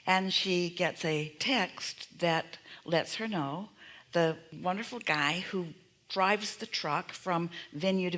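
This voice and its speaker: A woman's voice: fairly low pitch, fairly bright tone. Woman seminar speaker, emphatic, keeps repeating affirmations, asks the crowd rhetorical questions. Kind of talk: motivational teaching to an audience.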